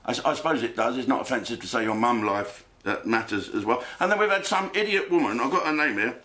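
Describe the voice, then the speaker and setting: A man's voice: medium pitch, lively intonation, fast talker, bright, forceful tone. A man delivering a crude, rambling comic rant on his own channel, swearing freely and jumping between asides. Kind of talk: ranting comic monologue.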